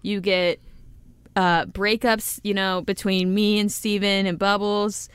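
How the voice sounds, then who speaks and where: A woman's voice: mid-range voice, flat delivery, takes it slowly, a bit bright, clean tone, dry recording. A woman co-hosting a casual recap podcast, giggling and stumbling as she reads out listeners' names. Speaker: podcast co-host.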